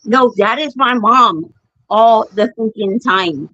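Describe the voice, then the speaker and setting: Woman, mid-pitch, candid storyteller in casual chat, slightly dull dry sound. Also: slow pace, bright, forceful tone, no echo. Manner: candid, laughs while telling family stories. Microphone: streaming mic.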